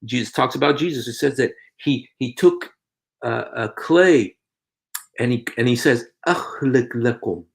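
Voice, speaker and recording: A mid-range male voice with vocal fry, moving at a moderate pace, carries an earnest sermon on video. The Christian preacher and host begs his viewers to listen, repeating himself constantly in this evangelistic vlog appeal.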